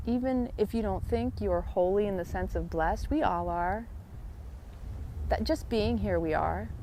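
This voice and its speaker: A woman hosting a podcast, talking gently and earnestly about growth and kindness while walking outdoors on a trail. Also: medium pitch, a little hiss or hum. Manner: gentle, earnest, spiritual self-help talk. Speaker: podcast host. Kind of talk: casual reflective monologue.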